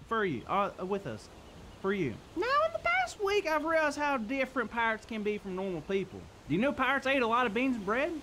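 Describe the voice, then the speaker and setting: A man's voice: sits high, fairly bright tone, a little hiss or hum. A man doing Carl, a goofy wannabe pirate. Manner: silly, bouncy, with jokey pirate growls. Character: goofy, excitable male kids-show character turned wannabe pirate. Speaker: co-host. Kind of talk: children's show skit.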